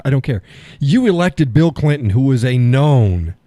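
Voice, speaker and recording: A man's voice: medium pitch, sing-song, normal speed, warm tone, no echo. An older man hosting a live stream, talking in a folksy, sardonic way and chuckling often. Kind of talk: casual political chat.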